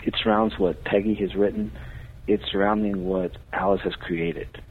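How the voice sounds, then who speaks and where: A man's voice: lowish voice, steady tone, normal speed, slightly rough. A man, a priest, talking earnestly on a radio talk show with a preaching cadence. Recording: tinny phone-line radio audio.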